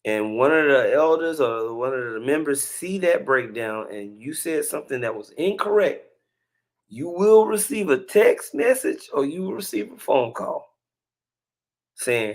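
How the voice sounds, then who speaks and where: A man's voice: mid-range voice, expressive, a little slow. A man hosting a religious commentary video, talking in a laid-back, slangy way with laughing asides. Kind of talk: casual commentary.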